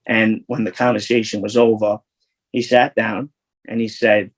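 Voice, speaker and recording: A man's voice: fairly low pitch, little pitch movement, normal speed, rough recording. A man, an interview guest telling rambling, profane street stories full of restarts. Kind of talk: casual storytelling.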